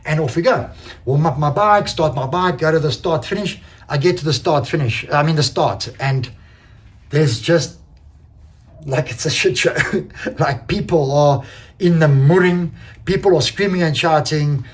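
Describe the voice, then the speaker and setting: A man, an enduro racer casually recounting a race, animated, swearing freely and acting out quoted exchanges. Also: fairly high pitch, unhurried. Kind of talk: casual race recap storytelling.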